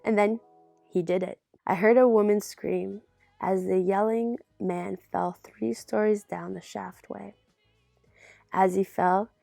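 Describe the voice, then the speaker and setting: A young woman reads a memoir aloud at a middle pitch, her voice carrying a gravelly fry. The recording is dry and close, with faint music running underneath. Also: no room sound. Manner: steady narration with a casual aside. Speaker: reader of a memoir. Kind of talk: reading a book aloud.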